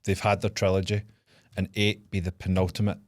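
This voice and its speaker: A man's voice: deep voice, level tone, fairly quick, a little mellow, no echo, studio quality. A man co-hosting a casual podcast, laughing often as he lays out long fan theories. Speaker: podcast co-host. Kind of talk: casual chat.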